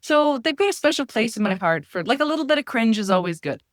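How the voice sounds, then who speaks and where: A woman's voice: fairly high pitch, big pitch swings, fast, dry recording, clean studio sound. A woman guesting on a book podcast, joking casually and often restarting her sentences. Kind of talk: casual chat.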